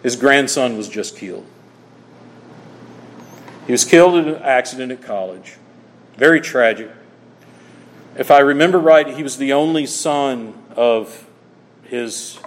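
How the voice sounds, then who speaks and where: A man's voice: medium pitch, a little slow, pauses often. Male pastor preaching in echoing hall. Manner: storytelling, dropping soft then rising emphatic. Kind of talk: sermon. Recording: long hall reverb.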